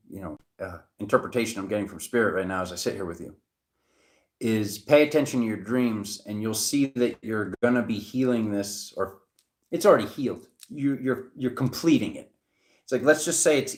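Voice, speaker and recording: A man giving a casual, chatty tarot reading to camera. He rambles playfully, with jokey asides and laughter. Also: mid-range voice. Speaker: tarot reader. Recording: echoey room.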